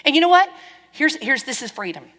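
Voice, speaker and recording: Bright-voiced woman pastor preaching. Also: sits high, brisk. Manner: lively, frank, wry storytelling with quoted dialogue. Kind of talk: sermon. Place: church hall. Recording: long church-hall reverb.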